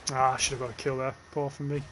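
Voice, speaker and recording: A man's voice: mid-range voice, flat delivery, quick pace, fairly bright tone, a little hiss or hum. A young man with a Northern English accent, chatting casually and swearing while livestreaming a game and reading chat aloud. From northern England. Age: young adult.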